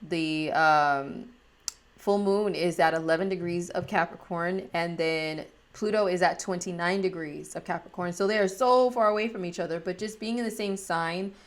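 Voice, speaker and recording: Laid-back woman astrologer chatting away, kinda low voice, laughs a lot. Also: normal speed. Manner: chatty, slangy, laughs often. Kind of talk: casual astrology talk.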